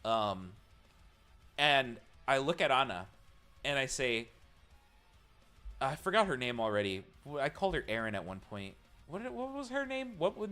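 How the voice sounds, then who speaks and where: A young man streaming to his live chat, telling a story in a casual, swearing way and breaking into loud mock panic. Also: medium pitch, clear, resonant tone.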